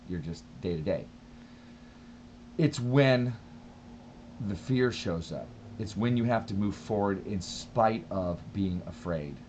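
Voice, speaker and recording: Deep-voiced man musing in a vlog. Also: a little mellow, dull audio, a little hiss or hum. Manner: thoughtful, rambling, with frequent restarts. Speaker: vlogger. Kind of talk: casual reflective vlog monologue.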